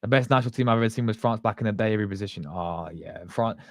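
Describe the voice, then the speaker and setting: A man's voice: fairly low pitch, very fast, no echo, clean studio sound. A man, hosting a casual livestream and chatting with viewers in a loose, slangy, rambling way. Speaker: fan channel host.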